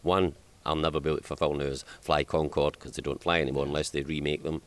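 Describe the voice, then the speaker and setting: Scottish male comic, deep voice, easygoing interview banter, quick to laugh. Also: flat delivery. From Scotland. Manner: chatty, laughs often, self-deprecating. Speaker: comedian guest. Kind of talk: casual interview chat. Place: outdoors in hot sunshine.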